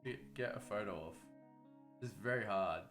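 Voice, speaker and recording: A man's voice: on the low side, moderate pace, a bit bright. A young man chatting casually on a gaming livestream. He rambles, swears freely and reads chat aloud. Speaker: gaming streamer. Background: background music.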